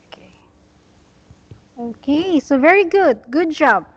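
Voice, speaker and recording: This woman runs a one-on-one English lesson with unhurried, careful delivery. Her voice sits a little high, and she models each sentence slowly and praises her student often. The audio is muffled, with a lo-fi online-call sound. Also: lively intonation. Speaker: English teacher.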